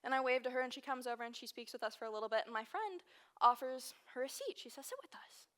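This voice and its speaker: A woman's voice: high-pitched, animated, fast, fairly bright tone. A woman in her early twenties from Texas, a student giving an earnest personal storytelling speech with emphatic, repeated phrases. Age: early 20s. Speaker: student speaker.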